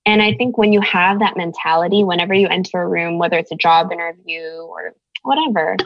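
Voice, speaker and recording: A woman's voice: fairly low pitch, fairly quick, lo-fi sound. A woman raised in the United States, speaking as an interview guest in an earnest, thoughtful way, searching for her words. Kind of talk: reflective conversation.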